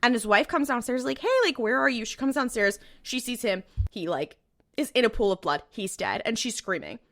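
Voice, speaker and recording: A woman's voice: on the high side, moderate pace, dry recording, clean studio sound. A woman co-hosting a podcast, recapping an episode in a breezy, profane way with lots of filler words. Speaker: podcast co-host. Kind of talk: casual rewatch podcast chat.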